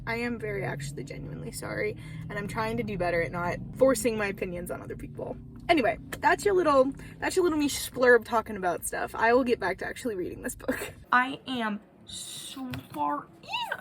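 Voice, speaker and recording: A woman's voice: fairly high pitch, a little hiss or hum. A young woman chatting casually in a reading vlog at home, rambling with lots of likes. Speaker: book vlogger.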